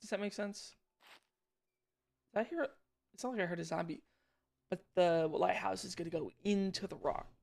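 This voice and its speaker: A young man talking loosely over his gameplay footage, drifting from one thought to the next. His voice has a gravelly, fry-heavy edge, and he keeps poking fun at himself in casual slang. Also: high-pitched, normal speed, pauses often, darkish tone. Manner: rambling, self-deprecating, slangy. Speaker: gaming channel host.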